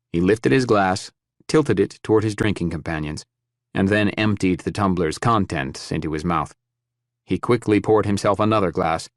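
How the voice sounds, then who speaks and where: A male audiobook narrator with a very deep voice reads in a steady, measured way. The recording is dry and close, with no room sound. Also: dry recording. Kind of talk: scripted narration.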